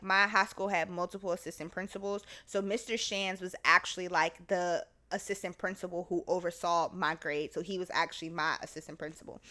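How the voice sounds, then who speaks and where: A woman podcast host telling a story in casual chat, animated and laughing, acting out the people in it. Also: medium pitch.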